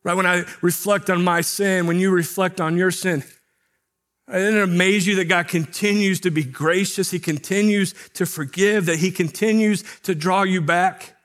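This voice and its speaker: A man's voice: sits high, steady tone, normal speed, a bit bright. A middle-aged man, a pastor, preaching a sermon in a conversational way, asking rhetorical questions.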